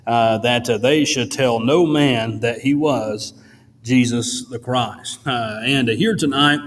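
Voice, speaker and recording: Halting preacher in echoing church. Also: male voice, medium pitch, a bit bright. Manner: halting, fills pauses with frequent "uh". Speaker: pastor. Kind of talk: sermon. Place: church sanctuary. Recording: long church reverb.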